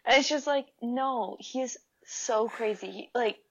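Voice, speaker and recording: Animated woman, slightly dull sound. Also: a little high, a little slow. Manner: animated, says "like" a lot, laughs often. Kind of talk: casual chat.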